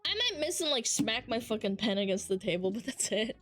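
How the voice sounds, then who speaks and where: A woman with a fairly high voice streams as a VTuber and talks casually into her headset. She is animated and swears freely. Faint music plays underneath. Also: a little fast.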